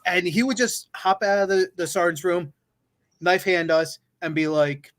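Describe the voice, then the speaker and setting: Man, fairly high pitch, podcast host, loose and profane, laughing reminiscing, casual chat. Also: fairly even intonation, normal speed, a bit bright.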